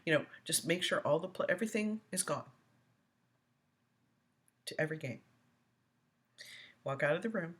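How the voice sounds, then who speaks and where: A woman's voice: low voice, expressive, moderate pace, pauses often, a bit bright, breathy edge. Chatty middle-aged woman reading comments. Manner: chatty, rambling, laughs often, reads comments aloud. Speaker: host.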